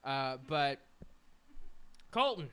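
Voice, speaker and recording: A man's voice: mid-range voice, sing-song, very slow, fairly bright tone, smooth. A young man hosting a podcast, chatting casually and telling rambling, profane stories, often mimicking coworkers. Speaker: podcast host. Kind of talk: casual chat.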